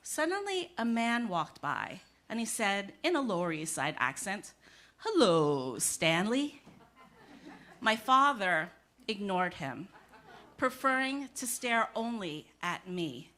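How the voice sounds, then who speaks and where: A middle-aged woman from the United States telling a personal story on stage in a reflective, measured way with dramatic pauses. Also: medium pitch, very animated, bright, forceful tone.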